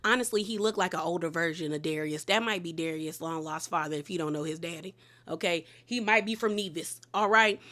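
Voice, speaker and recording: A woman casually recapping a reality TV episode, chatty and animated, acting out what the cast said and tossing in asides like "girl" and "okay?". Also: medium pitch. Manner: chatty, animated retelling with quoted voices and laughs.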